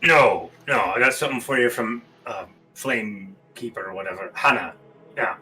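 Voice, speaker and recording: A man playing a gruff dwarf in a tabletop game on a live stream, offhand and blunt. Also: mid-range voice, normal speed, pushed and bright, faint music behind, low-quality recording. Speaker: player.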